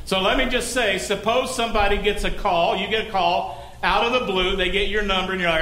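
A man's voice: high voice, fairly quick, sharp tone, slight background noise. A male pastor preaching a sermon in a conversational way, often asking the congregation questions.

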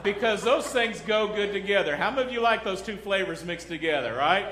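A middle-aged pastor preaching a sermon in a loose, conversational way, joking, acting out little scenes and asking the congregation questions. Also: male voice, high-pitched, animated, a little fast, a bit bright, slight background noise. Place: church sanctuary. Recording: echoey church hall.

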